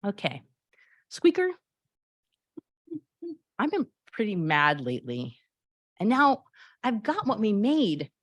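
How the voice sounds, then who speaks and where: Brief: woman doing a 13-year-old girl, eager and rushed, confiding, voice lifted above her low own pitch, dry sound. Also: big pitch swings, no echo. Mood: troubled. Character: anxious grieving thirteen-year-old girl cosplayer.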